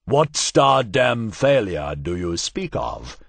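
A man doing a slow, ponderous elephantine alien. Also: on the low side, very animated, vocal fry, a bit bright, no room sound, full character voice. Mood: puzzled. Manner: slow, puzzled, stately.

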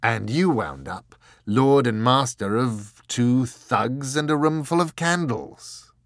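A man's voice: on the low side, lively intonation, slow pace, no room sound. A man playing a dry, wry nobleman. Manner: dry, ironic understatement. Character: sardonic nobleman, wry and mild-mannered.

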